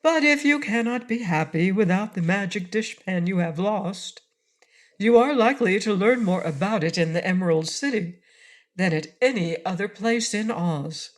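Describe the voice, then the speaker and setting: A good-hearted woman from a children's storybook offering sensible, practical advice, as a woman reader puts her on. She speaks calmly and evenly. The voice is close to the reader's own. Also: mid-range voice, normal speed, natural voice. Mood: advising. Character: kindly advising village woman.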